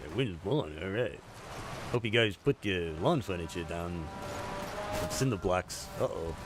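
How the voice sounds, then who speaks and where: A man's voice: low-pitched, unhurried, music in the background. A man streaming a game, joking through casual play-by-play commentary. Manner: joking, animated play-by-play with put-on quotes.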